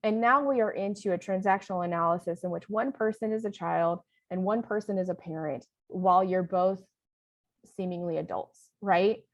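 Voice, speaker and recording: A woman's voice: medium pitch, moderate pace, no echo. A woman leading a training session in a conversational lecture style, often checking in with "right?".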